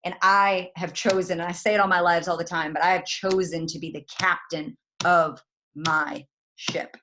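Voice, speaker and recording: A woman, talking in a folksy, direct and animated way as she gives motivational advice. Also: fairly low pitch, normal speed, slight background noise. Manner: folksy, direct, animated, says "y'all" a lot. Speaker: guest network marketing leader. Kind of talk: motivational talk.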